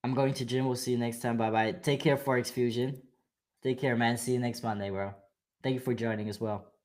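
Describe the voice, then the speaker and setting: A man's voice: medium pitch, fairly even intonation, fairly quick, a little mellow. A man with a German accent hosting a trading livestream, chatting casually and hyping viewers, calling them bro. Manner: hyped and slangy, calls viewers bro.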